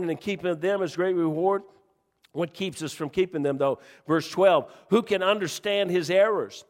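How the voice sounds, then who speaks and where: A man's voice: on the high side, long reverb tail. A man preaching a sermon, telling folksy stories and joking with his congregation. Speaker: pastor.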